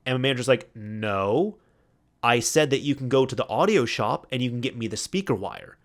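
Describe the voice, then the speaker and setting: Man, podcast host, casual solo storytelling, quotes coworkers in his own voice, mid-pitched. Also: moderate pace. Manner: animated retelling, quoting coworkers in his own voice, laughing at the memory.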